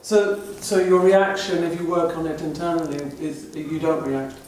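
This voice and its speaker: Hesitant male participant, off-mic, very echoey noisy hall, slightly high voice. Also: level tone, normal speed, darkish tone. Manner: hesitant, tentative questions. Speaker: retreat participant asking questions. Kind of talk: audience question from the floor.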